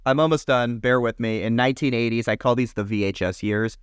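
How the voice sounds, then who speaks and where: A man's voice: medium pitch, fairly even intonation, clear, resonant tone, no echo, clean studio sound. A young man co-hosting a podcast, eagerly running through film history year by year and swearing casually. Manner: enthusiastic, listing years in quick bursts, swears casually. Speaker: podcast co-host.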